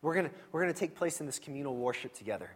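A man preaching a sermon in a church, in a conversational and animated storytelling manner with frequent asides. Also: on the high side, very fast, breathy edge. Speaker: pastor.

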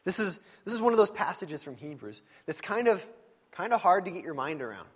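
Conversational pastor, a man with a higher voice. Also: fairly quick, husky. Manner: conversational, animated storytelling with frequent asides. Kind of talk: sermon.

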